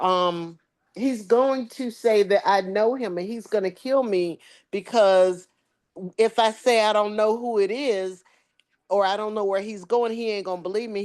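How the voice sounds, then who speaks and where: Lady telling a wild story, acts out everybody's lines, voice jumps all over. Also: mid-range voice. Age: adult with children. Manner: animated storyteller, acts out quoted dialogue. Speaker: podcast co-host. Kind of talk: casual storytelling chat.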